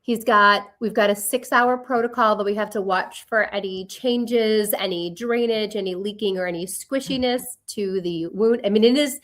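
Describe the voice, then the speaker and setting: A woman in her forties co-hosting a podcast, telling stories in an animated way and acting out her own quotes. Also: medium pitch, normal speed, hardly any pauses. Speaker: podcast co-host. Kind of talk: casual chat.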